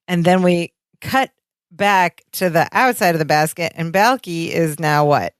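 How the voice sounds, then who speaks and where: A woman's voice: fairly low pitch, unhurried, smooth, no echo, clean studio sound. A woman co-hosting a podcast, chatting casually about a sitcom episode and finishing her co-host's sentences. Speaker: podcast co-host.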